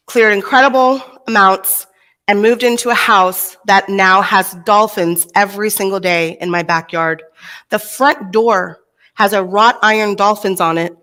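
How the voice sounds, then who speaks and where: A middle-aged woman from Texas giving a motivational keynote speech on a conference stage, telling stories and acting out the voices of people in them. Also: medium pitch. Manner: animated storyteller, acts out voices in quotes. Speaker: motivational speaker.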